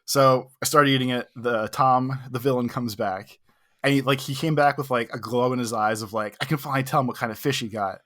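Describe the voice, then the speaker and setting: A man's voice: mid-range voice, fairly even intonation, fairly quick, sharp tone. A young man co-hosting a podcast, telling a long, self-mocking story in a casual, rambling way full of "like". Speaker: podcast co-host.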